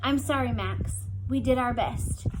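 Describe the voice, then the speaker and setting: A woman reading the lines of a weary, sympathetic middle-aged woman doctor in an audiobook, with a soft, lowered delivery. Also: measured pace, very noisy, lightly acted. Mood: gentle.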